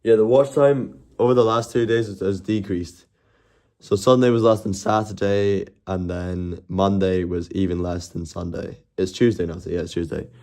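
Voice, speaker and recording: A man's voice: deep voice, steady tone, normal speed, warm tone. A man chatting casually and rambling on a live stream, laughing and swearing as he goes.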